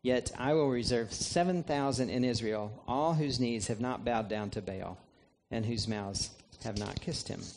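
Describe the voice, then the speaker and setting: A man, a pastor, preaching a sermon in an earnest, measured way, reading scripture aloud. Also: mid-range voice, a little mellow, a little hiss or hum.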